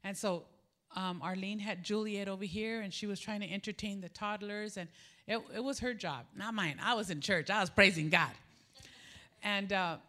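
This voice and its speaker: A middle-aged woman delivers a sermon with a mid-pitched voice. She tells personal stories in an animated way, jumping up in pitch as she acts out the people in them. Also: moderate pace. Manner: animated, acts out quoted dialogue with jumps in pitch. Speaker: preacher at a women's gathering.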